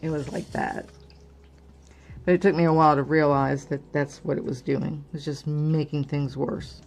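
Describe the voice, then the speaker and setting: A woman's voice: low voice, fairly even intonation, normal speed, darkish tone. A middle-aged woman hosting a crafting channel, chatting casually and candidly with lots of fillers. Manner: candid, rambling, many fillers. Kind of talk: casual personal chat.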